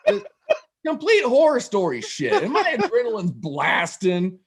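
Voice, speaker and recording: A man telling a wild story for laughs, profane and animated, with laughing asides. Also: sits high, normal speed. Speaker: guest storyteller. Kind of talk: comedic storytelling.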